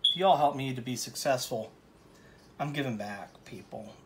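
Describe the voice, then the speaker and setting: Working through a relaxed painting lesson, this instructor rambles, cracks jokes and pokes fun at himself. He speaks at a moderate pace in a mid-range voice, and a faint hiss or hum runs underneath.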